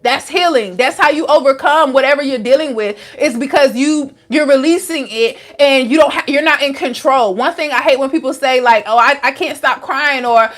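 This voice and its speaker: A high-pitched young adult woman, a wellness coach, fields viewer questions during a casual live stream at normal speed, barely pausing. Her talk is candid and loose, sprinkled with slang and frequent "like."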